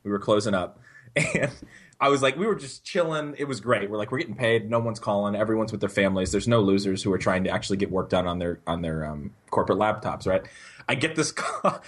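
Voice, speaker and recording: A man on a podcast telling a story in a casual, animated way, swearing and often laughing. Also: on the low side, husky. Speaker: podcast co-host.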